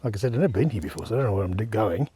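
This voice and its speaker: A man's voice: fairly low pitch, expressive, rapid-fire, mellow, husky. An Australian man vlogging casually on a riverside trail, chatting in an easygoing, rambling way with lots of fillers while he walks. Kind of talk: casual outdoor vlog chat.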